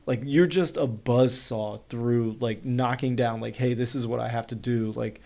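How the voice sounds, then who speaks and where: A man in his thirties from North Carolina, a podcast guest telling a story in casual conversation. He speaks quickly and animatedly, with plenty of "like" fillers, and his voice sits at a middle pitch. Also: fairly even intonation, gravelly, a little mellow.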